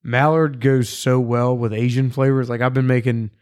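A man's voice: mid-range voice, steady tone, moderate pace. A man hosting a podcast, chatting casually, joking and swearing freely. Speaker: podcast host. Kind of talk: casual chat.

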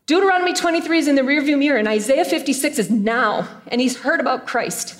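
A woman preaching a sermon, retelling a scripture story with animated storytelling and playful asides. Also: high-pitched, fast talker. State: choked up with emotion.

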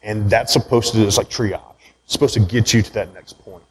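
A man with a somewhat low voice tells his own story to a live audience in a room. He talks in a candid, conversational way and keeps asking "right?" to pull the listeners in. A faint hum of room ambience sits behind him, and he sometimes drifts away from the mic. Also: fairly even intonation, a little fast, low-quality recording. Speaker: speaker giving a talk.

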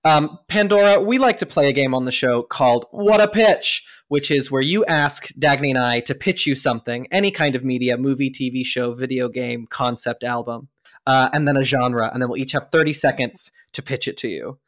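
A man's voice: mid-range voice, moderate pace, a bit bright. A man hosting a casual podcast who talks breezily and swears offhandedly. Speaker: podcast host. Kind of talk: casual chat.

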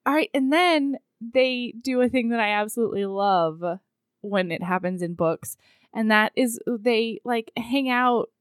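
A woman co-hosting a podcast, casually recapping a book in a playful, animated way. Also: a little high, a little slow, clean tone, dry recording, studio quality. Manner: animated, laughs often, playful. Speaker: podcast co-host.

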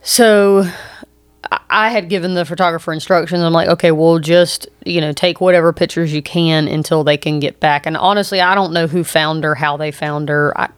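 A woman's voice: deep voice, steady tone, moderate pace, clear, resonant tone, dry recording. A woman in her thirties co-hosting a podcast, telling a story in a chatty way with lots of fillers. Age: 30s. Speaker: podcast co-host. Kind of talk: casual chat.

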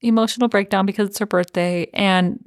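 A woman's voice: medium pitch, fairly even intonation, brisk, no room sound, studio quality. A woman co-hosting a podcast, chiming in with enthusiasm as she recaps a TV drama in casual chat. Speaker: podcast co-host.

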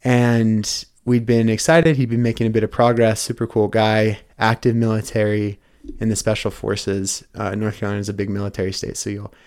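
Low, flat-voiced man telling a story. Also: fairly quick. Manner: earnest, with frequent restarts and filler. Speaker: podcast host, interviewed as guest. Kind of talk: casual storytelling interview.

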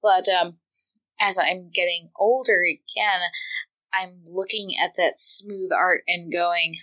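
A woman's voice: fairly low pitch, slow, pushed and bright, low-quality recording. A woman co-hosting a podcast, chatting casually and enthusiastically about tabletop gaming. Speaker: podcast co-host.

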